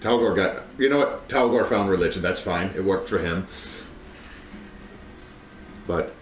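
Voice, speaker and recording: A man playing a tabletop game, joking and swearing in quick casual back-and-forth. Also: low-pitched, soft background music. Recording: roomy room with faint background hum.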